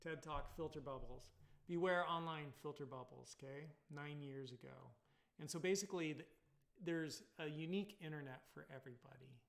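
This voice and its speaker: Rambling Californian college instructor. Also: male voice, on the high side, normal speed, creaky, a bit bright, a little hiss or hum. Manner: casual, rambling, many fillers and tag questions. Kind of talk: recorded online lecture.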